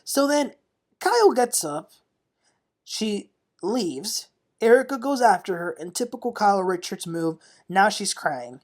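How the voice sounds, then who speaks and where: A woman's voice: medium pitch, very animated, unhurried. A woman hosting a casual reality-TV recap, chatty and opinionated, often laughing as she talks. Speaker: TV recap host.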